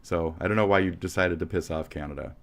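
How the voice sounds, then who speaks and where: A man's voice: low voice, steady tone, fast, vocal fry. An American man hosting a livestream, ranting angrily at chatters with heavy profanity. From United States. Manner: heated, profane, insulting chat. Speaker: livestream host. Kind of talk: angry livestream rant.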